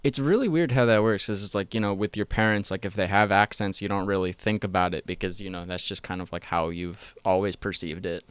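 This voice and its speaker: Podcast guest, man, American accent, deep, clear voice, easygoing and halting. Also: no echo. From Sweden. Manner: laid-back, halting, many fillers. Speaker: guest musician. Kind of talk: casual podcast chat.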